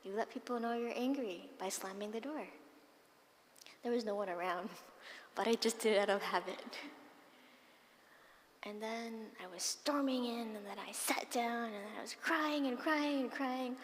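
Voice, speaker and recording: A woman nun gives a dharma talk in a monastery hall, her voice trailing off in a long reverb. She tells personal stories expressively and drops into soft, breathy asides, with a faint hum of room ambience behind her. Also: a little high, normal speed. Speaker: Buddhist nun and dharma teacher.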